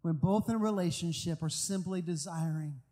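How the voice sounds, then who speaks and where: A man preaching a sermon as pastor, telling stories in an animated, emphatic way. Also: a little high, moderate pace. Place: large church hall. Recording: long hall reverb with music. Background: guitar music.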